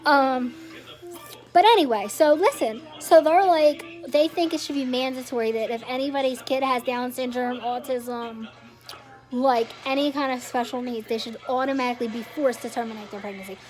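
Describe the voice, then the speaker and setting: A woman's voice: high-pitched, normal speed, a little mellow, soft background music, poor audio. A woman in her twenties telling a story in a casual vlog rant, rambling and swearing freely, with her small children around her at home. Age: 20s. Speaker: vlogger.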